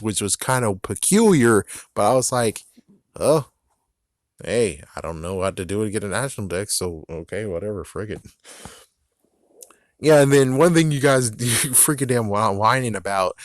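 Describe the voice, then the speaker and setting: A man's voice: mid-range voice, dry recording, clean studio sound. A man giving a ranting commentary on games, exasperated and profane, repeating himself as he vents. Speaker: gaming vlogger.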